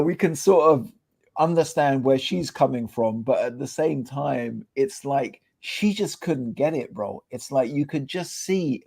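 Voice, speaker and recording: A middle-aged man co-hosting a podcast in casual chat, animated and peppering his talk with "bro" and "right?". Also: medium pitch, creaky. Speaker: podcast co-host. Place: podcast studio.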